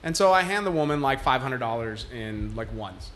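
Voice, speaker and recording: A man's voice: mid-range voice, lively intonation, moderate pace, a bit bright, slight background noise. A man hosting a podcast, telling a story in a casual, heated, profane way, full of "like". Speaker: podcast host.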